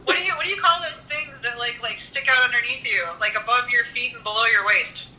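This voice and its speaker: Guest, woman from Minnesota, very bright voice, lively storyteller on a video call. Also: on the high side, a little fast, low-quality recording. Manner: animated storyteller, frequent laughter. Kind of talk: casual chat.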